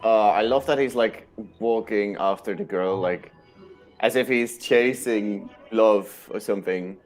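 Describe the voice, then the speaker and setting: A man with a very low voice, chatting casually on a stream. He mostly chimes in with agreement and adds short, soft-spoken comments of his own. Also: measured pace, soft background music. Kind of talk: casual chat.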